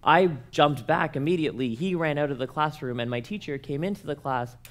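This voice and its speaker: This clip features a young Canadian man with a slightly high voice and a brisk delivery. Speaking at a church conference, he lively recounts a personal story to the crowd, imitating the people he quotes.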